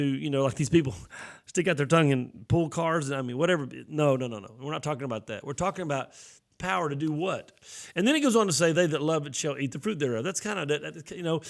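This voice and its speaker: A man's voice: a little high, creaky, a bit bright. A middle-aged man, a pastor, preaching a live-streamed sermon in a conversational way, often repeating and restarting phrases as he speaks to viewers online.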